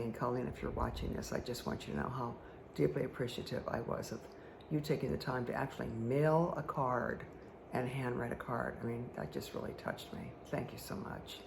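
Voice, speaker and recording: A woman who works as a spiritual guide reads tarot and angel cards for her viewers, chatting casually, rambling, and often checking in with "okay?" Her voice sits low and sounds creaky. Slight background noise is present.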